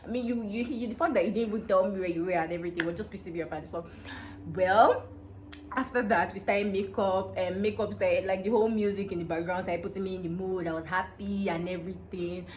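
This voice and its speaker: A young woman from Delta State with a Nigerian accent, telling a casual story to her viewers in an animated, excitable way that often breaks into laughter. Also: medium pitch, fast talker, slight background noise. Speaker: vlogger.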